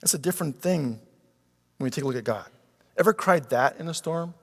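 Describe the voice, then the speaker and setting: A man preaching a sermon as pastor, animated and conversational, acting out pleas with a rising voice. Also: brisk. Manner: animated, acts out quoted pleas with rising pitch. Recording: long reverb of a large hall.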